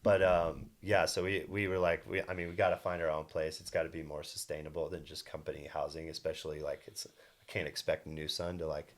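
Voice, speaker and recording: A man's voice: very deep voice, level tone, a little fast. A young man in his twenties, a podcast co-host, telling a personal story in casual chat, earnest and rambling with many restarts. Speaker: podcast co-host and solar salesman.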